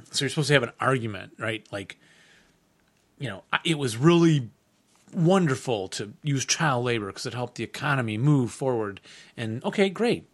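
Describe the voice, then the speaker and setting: A man co-hosting a podcast in casual chat, an animated storyteller who laughs often. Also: medium pitch, normal speed. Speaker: podcast co-host.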